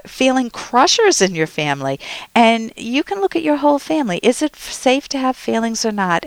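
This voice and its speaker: A woman's voice: medium pitch, dry recording. A woman psychologist hosting an advice show, explaining feelings in an earnest way and acting out quoted parents now and then. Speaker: clinical psychologist and host. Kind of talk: radio advice talk.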